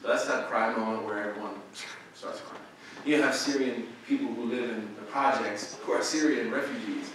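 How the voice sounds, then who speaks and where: A man's voice: medium pitch, normal speed, a bit bright, a little hiss or hum. A man from Oklahoma, a guest imam, giving a casual, slangy storytelling lecture and acting out other people's lines. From Oklahoma, USA. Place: university lecture room. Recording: very echoey hall, mic far off.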